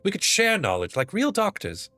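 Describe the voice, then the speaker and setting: A man voicing a clingy, stubborn little girl in an English accent, high and pleading. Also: huge pitch swings, moderate pace, sharp tone, exaggerated voice. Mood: eager. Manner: high childish pleading, insistent.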